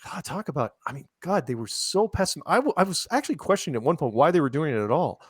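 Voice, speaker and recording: A man's voice: fairly high pitch, sing-song, fast, slightly rough, no echo, clean studio sound. A man as a podcast guest, telling stories casually, with many restarts and asides, acting out quoted people in raised voices. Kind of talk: casual conversational storytelling.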